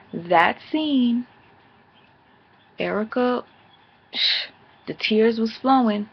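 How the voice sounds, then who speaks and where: Sassy gravelly-voiced woman reviewer. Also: fairly low pitch, muffled recording. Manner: blunt, sassy, profane, mimics cast members in animated bursts. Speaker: TV episode reviewer. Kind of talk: casual recap commentary.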